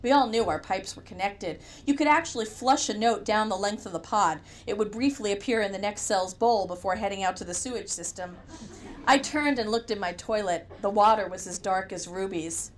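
Reading a novel aloud as a first-person audiobook narrator, a woman takes a wry, conversational storytelling approach. She speaks at normal speed with a medium pitch.

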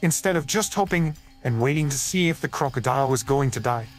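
A man's AI-cloned voice giving deadpan scripted storybook narration full of crude jokes. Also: medium pitch, brisk, soft background music.

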